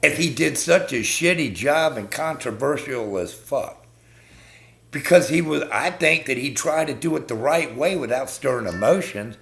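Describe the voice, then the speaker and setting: A man's voice: medium pitch, expressive, moderate pace, gravelly, fairly bright tone. A man hosting a live stream, ranting bluntly and swearing constantly as he talks to viewers about politics.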